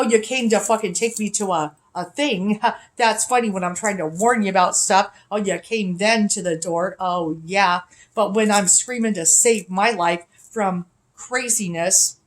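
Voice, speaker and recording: A woman vlogger rants straight to camera in a rambling, unscripted way. Her talk is profane and accusatory, at a middling pitch for a woman, recorded in a hotel room.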